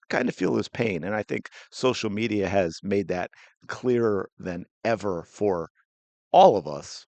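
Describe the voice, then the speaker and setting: A man's voice: on the low side, a little slow, gravelly, darkish tone, no echo. A man hosting a sports podcast in a chatty, casual way, breaking off into playful asides. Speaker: podcast host.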